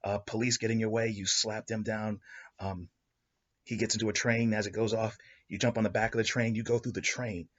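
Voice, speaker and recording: Podcast host, man, rambling story, low husky voice, dull lo-fi recording. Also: fairly quick. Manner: excitable, rambling, with restarts and laughs. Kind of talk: improvised story narration.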